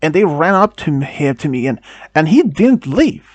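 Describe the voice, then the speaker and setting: Male storyteller, native Swedish, halting restarts, lively pitch, dry sound. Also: no echo. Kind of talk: first-person fictional storytelling.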